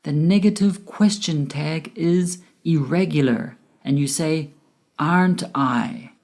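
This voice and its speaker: A woman giving a scripted English grammar lesson, explaining slowly and carefully with clear enunciation. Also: deep voice, darkish tone. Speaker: English teacher.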